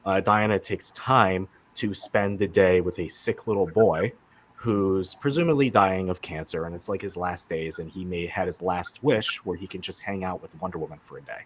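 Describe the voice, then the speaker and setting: A man with a low voice, speaking at normal speed, hosts a casual podcast chat about comics. He's enthusiastic and rambling, with many fillers and restarts.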